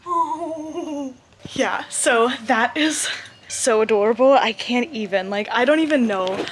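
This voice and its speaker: A woman's voice: on the high side, slight background noise. A woman in her twenties chatting casually to camera as a book vlogger, bubbly and rambling. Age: 20s. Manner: bubbly, rambling, quick bursts of excitement. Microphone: small vlog camera.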